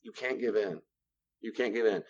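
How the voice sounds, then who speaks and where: A man teaching a class on boundaries, lecturing and acting out both sides of short dialogues in an animated way. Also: lowish voice, normal speed, breathy edge, lo-fi sound. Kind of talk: classroom lecture with role-play examples.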